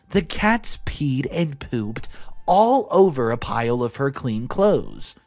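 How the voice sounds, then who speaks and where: A young man narrating a story aloud in a lively, expressive way, over faint music. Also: medium pitch. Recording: dry close voice with faint music.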